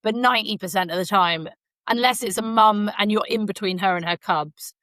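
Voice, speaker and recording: A Canadian podcast co-host tells stories in a chatty, rambling way, full of fillers. Her medium-pitched voice is brisk and a bit bright, and the recording has no room sound.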